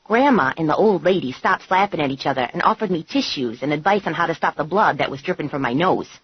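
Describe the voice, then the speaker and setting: A woman reading a comic novel in the first person, with a wry, animated delivery. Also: deep voice, fast, husky, dry recording. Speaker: audiobook narrator. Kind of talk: scripted audiobook narration. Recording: dull, dry lo-fi recording.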